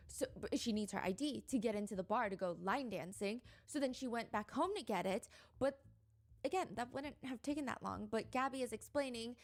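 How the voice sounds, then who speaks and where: A woman's voice: on the high side, brisk. Chatty young woman telling a true crime story. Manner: chatty, filler-heavy retelling with quoted voices.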